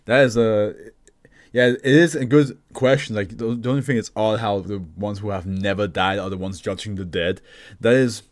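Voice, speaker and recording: A man's voice: fairly low pitch, steady tone, moderate pace, dry recording, studio quality. A man hosting a reaction video, talking casually, laughing often and slipping into mock voices.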